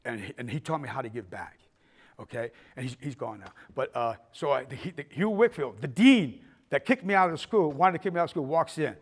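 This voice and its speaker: An older man, a filmmaker, giving a casual storytelling talk, animated and profane, acting out the people in his stories. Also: medium pitch, fairly quick. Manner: animated, profane, acts out scenes in voices.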